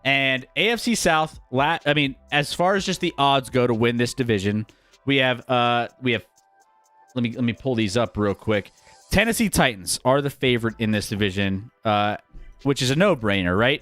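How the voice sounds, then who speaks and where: A man hosting a casual sports talk show, energetic and rambling as he previews the season. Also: mid-range voice, dry recording. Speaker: sports podcast host.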